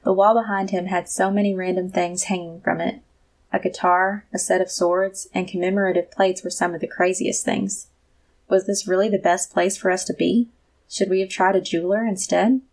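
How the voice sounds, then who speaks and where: A woman reading a first-person novel aloud as an audiobook narrator, at a steady pace. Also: medium pitch, moderate pace.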